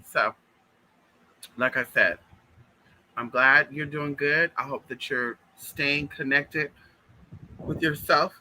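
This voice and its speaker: A man's voice: fairly high pitch, slow, pauses often, pushed and bright, rough recording. A man talking straight to his viewers in a casual vlog monologue, emphatic and repetitive, calling them honey and y'all. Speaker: spiritual vlogger. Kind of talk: casual direct-to-camera monologue.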